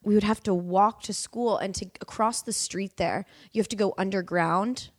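A young woman, a podcast guest and actress, chatting and telling animated stories. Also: medium pitch, moderate pace. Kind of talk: casual chat.

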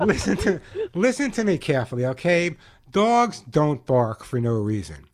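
A man hosting a call-in pet radio show, giving emphatic advice with quick jokes. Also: fairly high pitch, big pitch swings.

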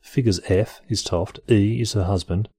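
Male host reading articles aloud with wry offhand jokes; deep, dark voice recorded dry and close. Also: normal speed, husky, no room sound. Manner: dry, wry, mildly profane commentary. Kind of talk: casual reading with offhand comedic asides.

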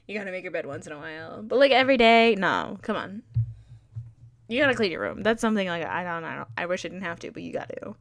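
A woman's voice: lowish voice, expressive, fast, dry recording, clean studio sound. A young woman hosting her own podcast, rambling chattily and poking fun at herself with lots of fillers. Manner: chatty, self-deprecating, digressive, heavy on fillers. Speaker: podcast host. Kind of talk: rambling solo podcast chat.

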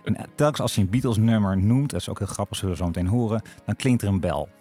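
A man presenting on the radio in a relaxed, chatty way, with frequent filler pauses. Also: fairly low pitch, breathy edge, faint music behind. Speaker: radio host.

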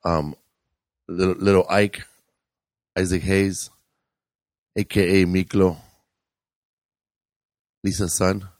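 A man co-hosting a relaxed podcast, his voice very deep. He rambles and restarts as he tells his stories, filling gaps with hesitant ums. The recording is dry and close. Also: slow pace, pauses often, no room sound. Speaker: podcast co-host. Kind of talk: casual storytelling chat.

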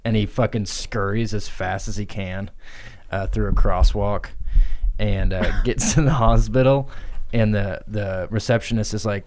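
A man's voice: lowish voice, fairly even intonation, measured pace, a little mellow. A man co-hosting a comedy podcast, spinning a crude, absurd story with lots of swearing and laughter. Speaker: podcast co-host.

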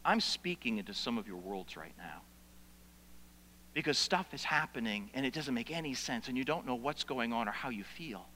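A male pastor preaching a sermon, swinging between hushed, intimate passages and loud, pleading outbursts. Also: mid-range voice, animated, normal speed, long reverb tail, slight background noise.

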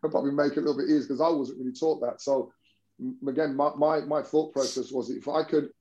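A man's voice: mid-range voice, steady tone, fast talker, mellow, highs cut off. A man, a basketball coach telling stories in an interview, rambling with many restarts. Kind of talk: conversational interview storytelling.

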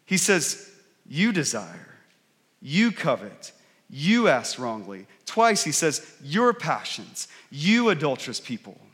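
Male pastor with a slightly raised pitch, preaching in a casual, earnest way in a reverberant church hall. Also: huge pitch swings, slow pace, fairly bright tone. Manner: conversational, earnest preaching with frequent rhetorical questions. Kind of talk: sermon. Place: church sanctuary.

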